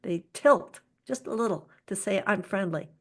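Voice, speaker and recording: A woman presenting an online workshop over a video call, speaking gently and soothingly, sometimes dropping to a soft whisper. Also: mid-range voice, normal speed.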